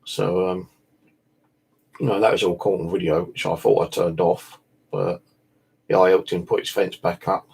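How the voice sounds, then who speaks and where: A man's voice: low voice, steady tone, normal speed, creaky, pauses often, darkish tone, slightly rough. A tired man, chatting casually and rambling, swearing now and then. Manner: meandering, full of "you know" and "like", swears casually. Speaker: bushcraft vlogger.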